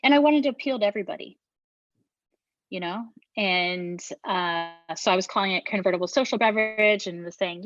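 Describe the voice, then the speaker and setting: Interviewed on a podcast, a middle-aged woman who founded a beverage company speaks candidly about her story, cursing casually and restarting sentences a lot. Her voice is mid-range and a bit bright at normal speed, lo-fi with no room sound.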